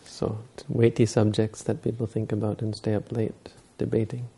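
A man's voice: lowish voice, little pitch movement, moderate pace, vocal fry, mellow, a little hiss or hum. A man giving a Buddhist dharma talk, telling stories and explaining teachings unhurriedly, using Pali terms.

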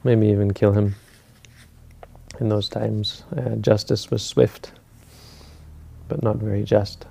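Gravelly-voiced man telling a teaching story. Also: medium pitch, a little mellow. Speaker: Buddhist teacher. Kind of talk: storytelling dharma talk.

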